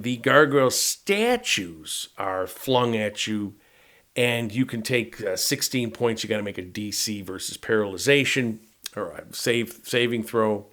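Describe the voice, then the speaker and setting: A man's voice: mid-range voice, a bit bright. A middle-aged man and tabletop game master, explaining a game module in a casual, rambling walkthrough that he often punctuates with "right?". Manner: rambling, conversational, with frequent "right?" tags.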